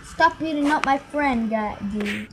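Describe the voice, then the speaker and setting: A woman giving casual gameplay commentary, excitable and quick to protest out loud. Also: sits high, heavy background noise. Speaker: gamer.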